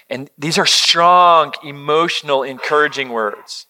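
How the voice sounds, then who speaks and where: A middle-aged man preaching a sermon, telling a family story in a conversational way and dropping to a soft hush when he quotes words of comfort. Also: fairly high pitch, a little slow, few pauses. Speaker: pastor.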